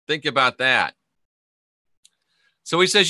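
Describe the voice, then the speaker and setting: A middle-aged spiritual teacher and former minister delivers a preaching-style video monologue, emphatic and full of repetition and rhetorical questions. His voice is a little high and sharp, very animated, at normal speed with frequent pauses. The recording is dry with clean studio sound.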